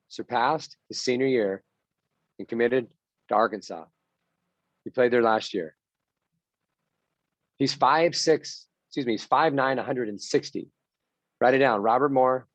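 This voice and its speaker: A man's voice: on the low side, dry recording, highs cut off. A man giving a motivational talk to baseball players as their mental coach, punchy and repetitive, having them chant mantras.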